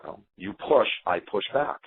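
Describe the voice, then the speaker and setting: Animated, defensive male interview guest, slightly low voice, phone line. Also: unhurried, gravelly, husky, dry recording. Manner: animated, defensive storyteller acting out quotes. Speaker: interview guest, eliminated contestant.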